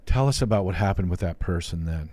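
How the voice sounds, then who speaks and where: A man's voice: sits low, lively intonation, quick pace, dark tone. A man hosting a faith interview show, talking earnestly and often restarting his sentences. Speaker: podcast host.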